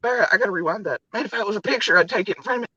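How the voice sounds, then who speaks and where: A woman co-hosting a livestream, talking loudly and brashly, cussing and exclaiming. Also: medium pitch, rapid-fire, slightly rough, dry recording, highs cut off. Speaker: livestream co-host. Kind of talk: loud casual chat.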